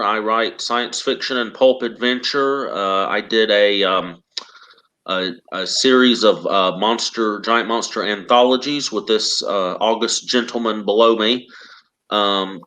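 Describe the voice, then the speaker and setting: A man's voice: on the low side, a bit bright. A man with a Southern US accent, a writer introducing himself on a video-call panel, talking in an easygoing way with many fillers. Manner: plain, easygoing, filler-heavy. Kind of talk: casual video panel chat.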